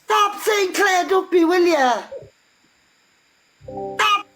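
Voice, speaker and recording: A woman on a phone call in a live-stream, speaking in a put-on Irish accent and loudly protesting and pleading. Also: very high-pitched, a little slow, faint music behind. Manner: loud protesting denials, pleading.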